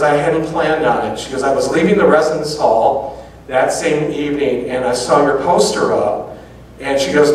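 A man giving a lecture, telling a personal story with lively quoted dialogue. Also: a little high, a little hiss or hum. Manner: animated anecdotes with quoted dialogue. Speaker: public speaker. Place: large auditorium. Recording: very echoey hall from far off.

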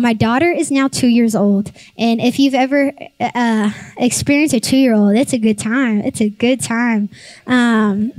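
High-voiced woman pastor preaching. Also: no echo, poor audio. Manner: animated storytelling, acts out family voices. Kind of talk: sermon with personal story.

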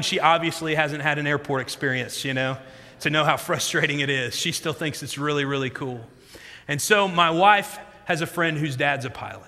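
A man in his thirties preaching a sermon as a pastor, telling stories in an animated way that moves between loud emphasis and quiet reflection. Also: on the high side, fairly quick. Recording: long hall reverb.

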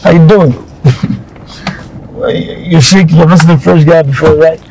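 A man's voice: fairly high pitch, fairly even intonation, unhurried, gravelly, noisy background. A man playing a boastful passenger back from America, brash and flirty with put-on American slang. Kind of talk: comedy skit acting.

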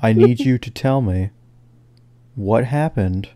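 A man calming and reassuring his brother, firm and insistent. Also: mid-range voice, slow pace, dry recording. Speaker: brother of the streamer.

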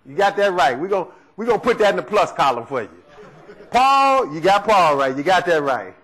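Devil figure, man putting it on, lower voice, taunting, drawling, blunt. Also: big pitch swings, moderate pace, a bit bright, exaggerated voice. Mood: mocking. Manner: drawling, taunting street talk. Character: the devil, male, blunt and mocking.

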